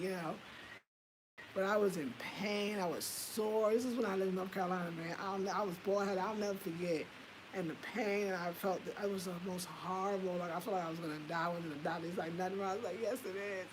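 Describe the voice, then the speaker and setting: A woman in her fifties telling a personal story in a candid, animated way, swearing casually and laughing at herself. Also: medium pitch, noisy background. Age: 50s. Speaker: home design vlogger.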